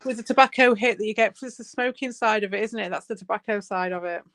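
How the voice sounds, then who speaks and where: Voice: mid-range voice, quick pace, a bit bright, poor audio. A speaker, rambling and swearing freely while chatting casually online as a co-host. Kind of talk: casual chat.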